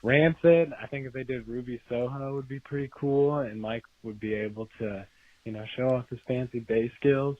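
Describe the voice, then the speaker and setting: A man's voice: mid-range voice, fairly even intonation, normal speed, dry recording. A man leaving a rambling casual voicemail for a podcast, going through his points one by one. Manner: rambling, lists points of business. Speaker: voicemail caller. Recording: dull lo-fi voicemail.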